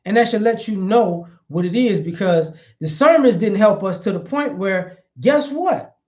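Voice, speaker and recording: A man's voice: high voice, expressive, unhurried, darkish tone. A man giving opinionated commentary in a vlog, blunt and profane, hammering his points with repeated phrases.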